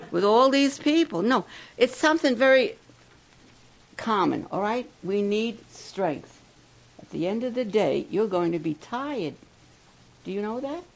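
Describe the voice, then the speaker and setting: A woman's voice: fairly high pitch, gravelly. An older woman giving a sermon at a camp, coaxing her listeners with many questions. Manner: coaxing, asks the crowd questions. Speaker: camp speaker.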